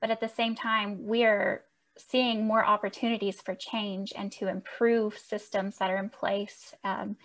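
A woman hosting a podcast interview, speaking in a thoughtful, measured way as she leads into her questions. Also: medium pitch, little pitch movement, fairly bright tone. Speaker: podcast host.

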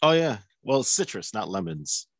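A man's voice: lowish voice, moderate pace, dry recording, clean studio sound. A man co-hosting a podcast, chatting casually about a TV episode and chuckling along. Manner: relaxed agreeing, chuckles often. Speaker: podcast co-host. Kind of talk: casual episode recap chat.

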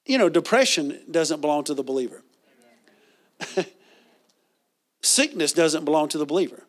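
A man's voice: fairly high pitch, expressive, normal speed. A man preaching a sermon, reading scripture and leading the congregation in call-and-response.

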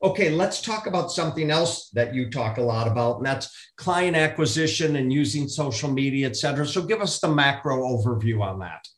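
A man's voice: medium pitch, animated, a little fast, few pauses. A man hosting a podcast interview, talking in a friendly, rambling way. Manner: friendly, rambling, self-deprecating. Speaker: podcast host. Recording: roomy echo.

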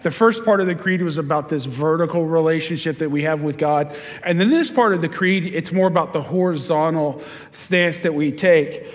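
Animated man preaching in a reverberant church. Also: high-pitched. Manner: storytelling, animated, chuckles while telling stories. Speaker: pastor. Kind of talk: sermon. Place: church sanctuary. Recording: church hall with long reverb.

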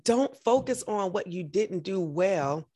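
A woman's voice: medium pitch, expressive, takes it slowly, dark tone. A woman hosting a podcast, talking earnestly and emotionally to encourage beginners in a casual interview. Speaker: podcast host.

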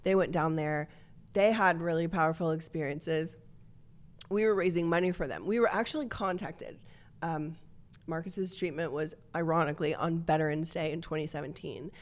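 A woman with a notably low voice tells her story as a podcast guest. She speaks earnestly and reflectively, in a conversational way. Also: steady tone, normal speed. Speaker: nonprofit co-founder, guest.

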